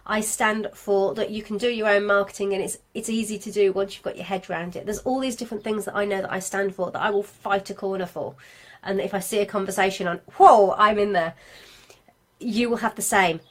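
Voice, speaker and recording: A woman coaching craft sellers in a live stream from home, chatty and encouraging, with frequent asides. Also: mid-range voice. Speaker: craft business marketing coach. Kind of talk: live-streamed class to viewers.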